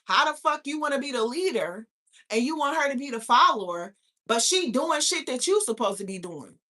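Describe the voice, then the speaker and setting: A woman's voice: sits high, lively intonation, a little fast, bright, forceful tone. A woman hosting a live stream, ranting in a profane, incredulous way and firing off rhetorical questions. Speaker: host of a live talk stream. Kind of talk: casual live-stream rant.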